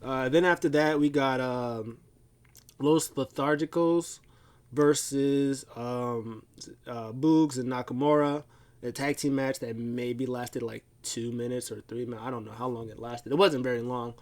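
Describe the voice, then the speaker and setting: A man telling a loose, unscripted recap in an ordinary middle-pitched voice. He rambles, fills gaps with "uh" and "like", and restarts his sentences as he goes. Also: steady tone, a little slow, a little mellow. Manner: rambling, filler-heavy storytelling. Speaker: wrestling show recap host. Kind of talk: casual recap chat.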